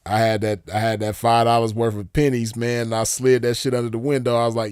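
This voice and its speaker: A man's voice: mid-range voice, level tone, quick pace, darkish tone, clean tone, no room sound, studio quality. A man in his forties hosting a show, chatting casually with viewers and telling rambling, slangy stories with easy laughs. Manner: laid-back, rambling, laughs easily, slangy. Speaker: show host. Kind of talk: casual storytelling chat with viewers.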